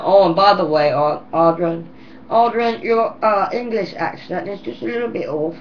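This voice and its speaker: A hoarse woman recording a rambling, affectionate and teasing home video message to her children. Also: low voice, dull audio, slight background noise. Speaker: mother addressing her children.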